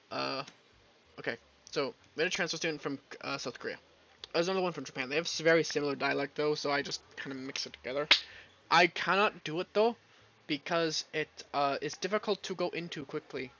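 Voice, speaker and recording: A man from Canada chatting casually on a live stream in a rambling, halting way. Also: fairly high pitch, a bit bright, muffled recording, slight background noise. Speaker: streamer reading a visual novel.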